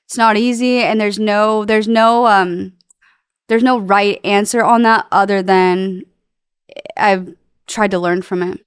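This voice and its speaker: A woman's voice: medium pitch, steady tone, measured pace, clean tone, no room sound, studio quality. A young woman talking candidly as a podcast guest, rambling and emotional, with plenty of fillers. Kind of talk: candid interview talk.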